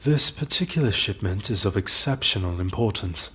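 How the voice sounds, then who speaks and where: Man doing an inhuman gaunt gentleman, cultured, silky, coldly clinical, low. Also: normal speed, slight background noise. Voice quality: cultured and smooth. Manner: calm, clinical and formal. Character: gaunt sinister tall inhuman man in a suit.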